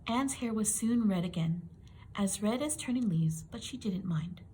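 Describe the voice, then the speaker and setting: A woman reading a children's picture book aloud for young listeners. Her delivery is gentle, clear and expressive, with a faint noise underneath. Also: medium pitch, normal speed. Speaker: storybook reader.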